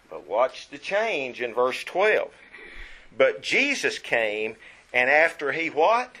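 A man preaching a sermon in church, his voice sitting at a middling pitch. He reads scripture aloud and quizzes the listeners. He drops to a hush, then rises to strong, stressed lines. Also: sing-song, slow pace. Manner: swings from hushed to emphatic.

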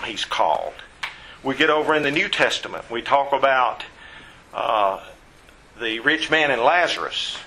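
A man's voice: mid-range voice, pushed and bright, slight background noise, low-quality recording. A man teaching a Bible study lecture, emphatic, repeating his points and asking the class rhetorical questions.

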